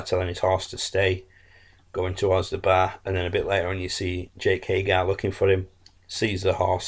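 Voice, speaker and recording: A man giving a casual, blunt, rambling wrestling review, full of fillers and self-corrections. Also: low-pitched. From England.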